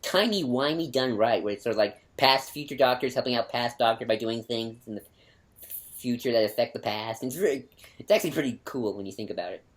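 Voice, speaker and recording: A man's voice: medium pitch, fast talker. A man co-hosting a casual podcast, talking in an enthusiastic, rambling way with frequent laughs. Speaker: podcast co-host. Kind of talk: casual chat.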